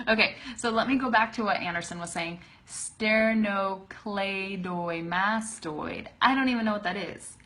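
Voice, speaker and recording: A young woman teaching a live online English pronunciation lesson, chatty and laughing often, slowly modelling words on a webcam. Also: mid-range voice, fairly bright tone.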